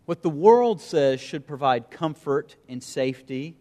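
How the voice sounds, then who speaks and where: A male pastor delivering a sermon in a church sanctuary, his voice sitting a little higher than most men's. He reads scripture aloud and slows down on key phrases. His voice swells and drops for emphasis, carried by the long reverb of a big hall. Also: expressive, warm tone.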